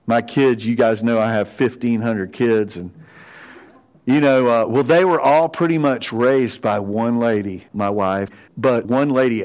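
A man preaching a sermon in a church sanctuary. His voice sits at an ordinary middle pitch, and he tells his stories emphatically. He rises to earnest exhortation as he addresses his congregation. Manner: storytelling, emphatic and rising to exhortation. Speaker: pastor.

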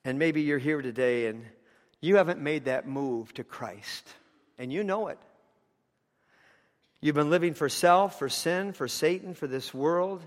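A man's voice: a little high, measured pace, in a large hall. A man preaching a sermon, telling a story with passion, his intensity rising and falling.

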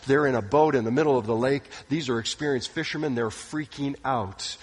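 A man preaching a sermon, retelling stories with dramatic delivery, sometimes dropping to a hushed voice. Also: medium pitch, fairly quick, breathy edge. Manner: dramatic storytelling, acting out quoted voices, drops to hushed tones. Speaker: pastor. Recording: long hall reverb.

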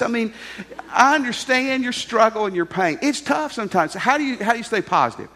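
Brief: male pastor, humorous, emphatic sermon, lively pitch swings. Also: fairly quick, big-room sound.

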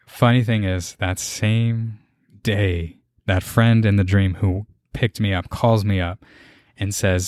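An earnest young man shares his personal faith testimony as a podcast host. His voice sits low and moves haltingly, often carrying emotion. The recording is dry and close, with no room sound. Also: steady tone, darkish tone, no room sound.

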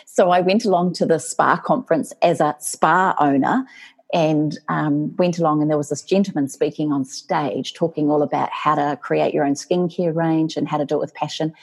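Aussie woman, middle-aged, low husky gravelly voice, chatty animated storytelling. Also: normal speed. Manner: lively, animated storyteller who acts out quotes. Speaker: guest. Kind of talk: storytelling in casual chat.

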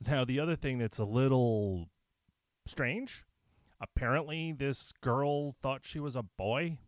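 Slow, blunt, sarcastic man. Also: mid-range voice, no echo. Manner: blunt, profane, indignant; sarcastic asides. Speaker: vlogger. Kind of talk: reading aloud and commenting.

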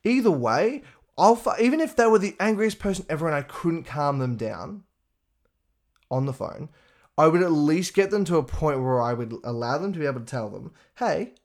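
Swearing man, slightly high voice. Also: moderate pace. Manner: profane, animated, acts out others in a higher voice. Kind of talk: casual motivational monologue.

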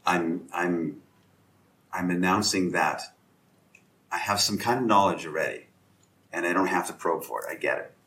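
A man's voice: deep voice, normal speed, long pauses, bright, forceful tone. A man leading a casual round-table discussion who acts out both sides of conversations as he talks. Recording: echoey room.

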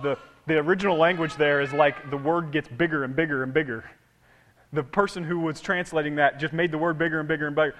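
A man preaching a sermon in a conversational way, swinging from loud repeated words down to hushed asides. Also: fairly high pitch, fairly even intonation, a little fast, dull audio. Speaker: pastor. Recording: long hall reverb.

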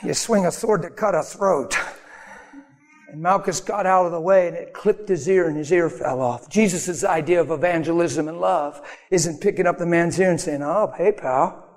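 An animated male pastor preaching a sermon with a high voice, acting out the people he quotes. The sound carries a long reverb as in a hall. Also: moderate pace.

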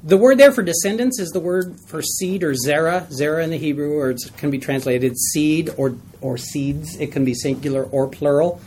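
Give me a man leading a Bible study, relaxed and talkative, with faint background noise. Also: fairly high pitch, normal speed, hardly any pauses. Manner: conversational, asks the group questions, tells stories with laughs.

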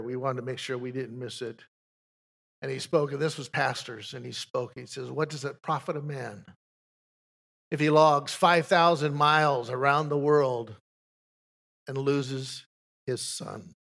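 A man's voice: mid-range voice, a little slow, creaky, a bit bright. An older man, a pastor, giving a folksy spoken testimony from the pulpit, telling stories with frequent restarts.

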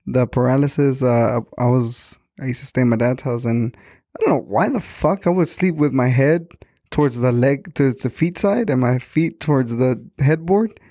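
A man's voice: mid-range voice, moderate pace, warm tone, no echo, clean studio sound. A young man chatting with friends on a podcast in a laid-back way, swearing freely. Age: young adult. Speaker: podcast co-host. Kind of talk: casual chat among friends.

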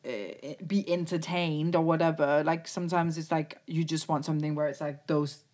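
A woman's voice: low-pitched, fairly even intonation, normal speed, a little mellow. A woman co-hosting a podcast, chatting loosely and giggling as she reads listener letters aloud. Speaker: podcast co-host. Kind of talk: casual chat.

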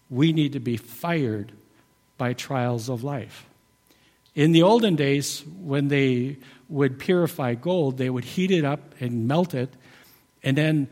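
A man's voice: mid-range voice, a little mellow. Middle-aged guy preaching, chatty and folksy, lots of echo trailing off. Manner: folksy and conversational, with restarts. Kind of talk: sermon.

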